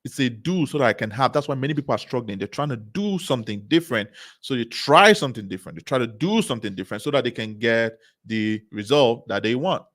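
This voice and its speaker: A man's voice: mid-range voice, lively intonation, fast talker, fairly bright tone. A man giving a motivational talk at a business seminar, speaking emphatically, repeating key phrases and asking the audience rhetorical questions.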